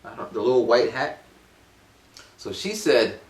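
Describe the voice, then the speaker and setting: A man in his forties telling a rambling, animated story at home. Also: mid-range voice, a little slow, roomy sound. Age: 40s. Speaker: vlogger. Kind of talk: casual storytelling vlog.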